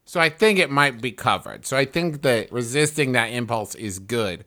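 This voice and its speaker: A man co-hosting a comedic podcast, talking in a deliberate, dry deadpan. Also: medium pitch. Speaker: podcast co-host. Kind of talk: casual comedic chat.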